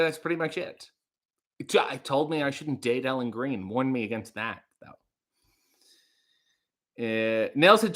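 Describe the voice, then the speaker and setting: A man's voice: sits high, pushed and bright. A man in his thirties hosting a casual livestream, chattily reading out viewer comments and reacting to them. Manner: chatty, reads comments aloud, sings lyrics in a mock voice. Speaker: host.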